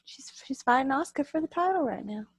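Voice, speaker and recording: A woman co-hosting a casual wrestling podcast, relaxed, mostly giving short replies and agreeing. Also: sits high, fast talker, no room sound. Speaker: podcast co-host.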